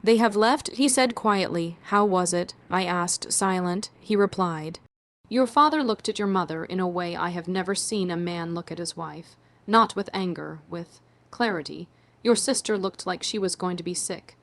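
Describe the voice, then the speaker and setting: A woman narrating a first-person family drama story in a measured, dramatic way. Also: on the low side, a bit bright.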